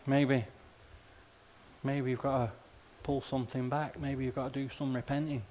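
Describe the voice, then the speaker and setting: A man's voice: mid-range voice, level tone, moderate pace, darkish tone, slight background noise. A male pastor delivering a sermon in a conversational, plain-spoken way, often tossing rhetorical questions and wry asides to the congregation. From Australia.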